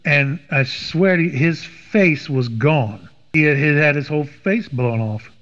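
A middle-aged man from Washington, D.C. tells a story in casual talk, acting out quoted voices as he goes. His voice sits a little high. The recording is dull and lo-fi, with a long, trailing reverb. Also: unhurried. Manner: animated, acts out quoted voices. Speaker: podcast guest.

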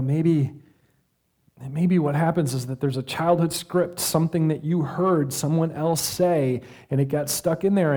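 Warm conversational pastor preaching, man. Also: fairly high pitch. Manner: conversational preaching with dramatic pauses and acted self-talk. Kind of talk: sermon.

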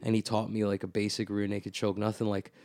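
A man's voice: lowish voice, a little fast, no room sound, studio quality. A man telling a story in a casual podcast chat, leaning hard on "like" and swearing freely, often acting out what others said. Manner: animated storyteller, heavy "like", frequent swearing.

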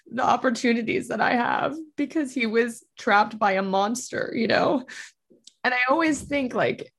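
Woman with a gravelly voice, candid and casual. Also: on the high side, fairly bright tone. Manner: casual, emotional, heavy use of "like" and "you know". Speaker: guest. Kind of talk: candid interview conversation. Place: in Los Angeles.

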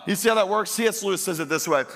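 A man preaching a sermon as pastor, emphatic, slowing and lifting his voice on key lines. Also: high-pitched, gravelly, a bit bright. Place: church.

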